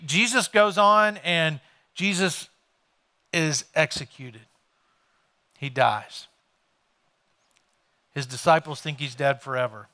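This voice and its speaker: A man's voice: a little high, bright, forceful tone. A male pastor preaching a sermon, retelling a scripture story in conversational everyday words.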